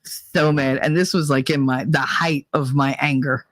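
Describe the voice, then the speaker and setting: A woman's voice: a bass voice, steady tone, normal speed, no room sound. Blunt, profane woman ranting. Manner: blunt and profane, heated retelling; rambling with many restarts. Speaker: podcast host. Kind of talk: casual opinion chat and storytelling.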